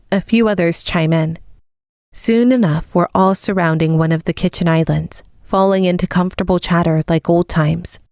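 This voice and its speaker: A woman reading a first-person audiobook story in a calm, even storytelling manner. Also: fairly low pitch, dry recording, studio quality. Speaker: audiobook narrator.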